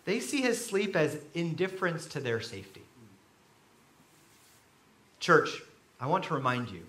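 A man preaching a sermon as pastor, telling stories with animated, sudden loud bursts. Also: on the high side, roomy sound. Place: church.

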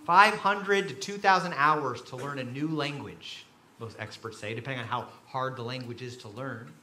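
A man preaching a sermon as pastor, telling stories with animated, sudden loud bursts. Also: mid-range voice, normal speed, reverberant. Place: church.

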